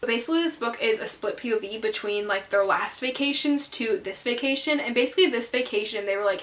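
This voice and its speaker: Bubbly young woman book vlogger, bright voice, lots of "like" and "okay?", bit of country twang. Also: on the high side, fast, few pauses. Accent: rural American country twang slips in. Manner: bubbly, filler-heavy, says "okay?" a lot. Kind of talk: casual chat to camera.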